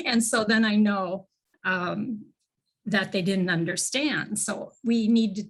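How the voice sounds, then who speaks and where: Slow-talking woman teacher trainer. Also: medium pitch, very animated. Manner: slow, explanatory with frequent fillers and self-corrections. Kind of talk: live online teaching lecture. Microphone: video call.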